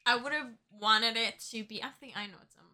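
A woman's voice: fairly high pitch, a little fast. A woman speaking English as a second language, chatting animatedly with a co-host about TV shows. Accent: non-native English. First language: not English. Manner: animated, talks over her partner. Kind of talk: casual chat.

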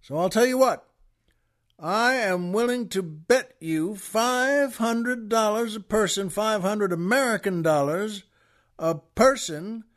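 A man doing a booming big Texan cowboy. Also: fairly bright tone. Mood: boastful. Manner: booming, drawn-out boasting.

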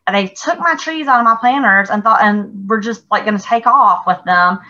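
Middle-aged woman podcast co-host, bright tense voice, lively frank storytelling, muffled recording. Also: medium pitch, moderate pace. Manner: animated storytelling, swears freely, laughs often. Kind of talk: casual chat.

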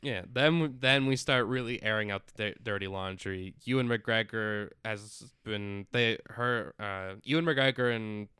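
A man's voice: on the low side, a little slow, hardly any pauses, sharp tone, clean tone, dry recording, clean studio sound. A man chatting casually as a podcast co-host, rambling through a film's plot with lots of fillers and acted-out quotes. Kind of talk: casual chat recapping a film.

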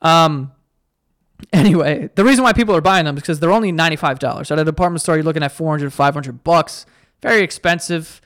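A young man hosts a podcast on his own, talking in a loose, rambling way and poking fun at himself. His voice sits a little high and keeps cracking as he goes. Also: quick pace, fairly bright tone, no room sound, clean studio sound. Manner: rambling, self-deprecating, voice cracking. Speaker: podcast host. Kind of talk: casual solo podcast chat with ad read.

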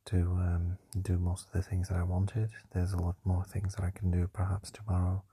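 A young man whispers his nightly podcast diary while lying down, keeping quiet for housemates asleep nearby. His voice is low, dark and very breathy, and he talks slowly and flatly, pausing often on fillers. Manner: soft whispering, hesitant with many fillers. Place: lying down in a shared home at night.

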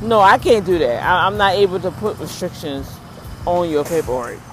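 A woman's voice: fairly low pitch, expressive, moderate pace, slight background noise, natural voice. A woman imitating a curt, dismissive male doctor. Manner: loud, stammering, curt.

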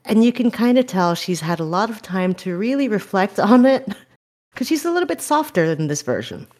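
Woman podcast cohost, casual banter, swears a lot, middle pitch. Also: big pitch swings, darkish tone. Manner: laughing, profane, quick banter. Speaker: podcast co-host. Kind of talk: casual chat.

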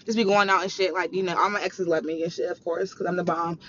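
A woman's voice: on the low side, steady tone, quick pace, fairly bright tone, a little hiss or hum. A young woman telling a personal story as a heated, profane rant, repeating herself for emphasis. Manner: profane, heated, repetitive ranting. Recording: dull lo-fi recording.

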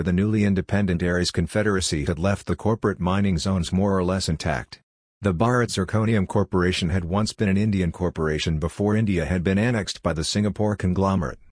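A man reading a science fiction audiobook in steady, even scripted narration. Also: sits low, no room sound, clean studio sound.

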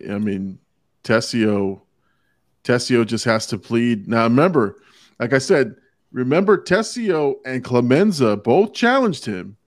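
A man hosting a casual podcast talk about a movie, animated, often acting out quotes in a changed voice. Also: medium pitch, a little slow, no echo, clean studio sound. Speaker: podcast host.

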